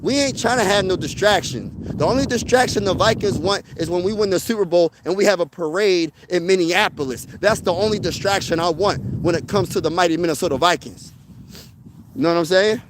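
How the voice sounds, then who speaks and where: A man hosting a casual sports talk stream outdoors, answering his chat in an excitable, slangy way and repeating himself for emphasis. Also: high-pitched, brisk, background noise. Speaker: sports channel host. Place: outdoors, windy.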